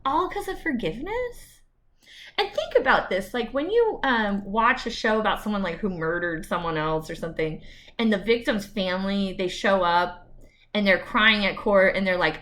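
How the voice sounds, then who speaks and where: A woman's voice: mid-range voice, lively intonation, moderate pace, bright, forceful tone. A woman lawyer talking candidly to camera in a personal vlog, chatty with asides.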